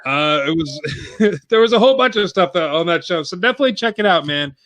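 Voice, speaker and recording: Bright-voiced man chatting on a podcast. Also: sits high, lively intonation, a little fast. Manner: rambling, filler-heavy plugging. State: out of breath. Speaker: podcast host. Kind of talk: casual podcast chat.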